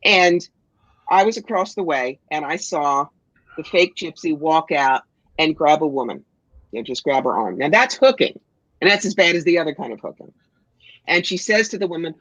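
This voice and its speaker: A woman author chatting on a livestream, telling stories with lively quoted bits. Her voice is mid-pitched and sounds dull and lo-fi, very dry with no room. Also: dry recording. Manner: animated storyteller, quick to quote and act out others. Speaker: guest author. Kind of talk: casual livestream chat.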